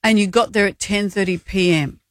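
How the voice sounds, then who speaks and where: A woman's voice: medium pitch, fairly even intonation, a little fast, no echo. An Australian woman co-hosting a radio show, needling her partner with dry, teasing questions. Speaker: radio co-host. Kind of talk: casual on-air banter. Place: radio studio. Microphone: studio microphone.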